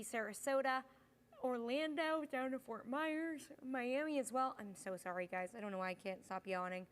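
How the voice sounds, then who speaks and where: A woman's voice: a little high, fairly bright tone. A young woman meteorologist filling in as host of a live weather stream, chatting casually with viewers while tired and yawning. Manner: chatty, reads viewer comments, yawning and apologizing.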